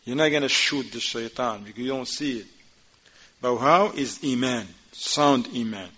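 A man teaching a class, reading Arabic passages quickly and then explaining them in informal, conversational English while asking his students questions. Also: mid-range voice, sharp tone, slightly rough. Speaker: religious teacher. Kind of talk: class explaining a religious text. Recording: dull lo-fi recording.

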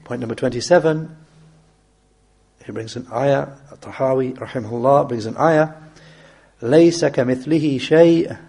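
Guy teaching a religious text, low gravelly voice, bit husky, slow and careful when he explains. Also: a little mellow. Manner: measured and deliberate, reciting Arabic verses quickly then translating slowly. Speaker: Islamic teacher. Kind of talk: explaining a classical text in a lesson.

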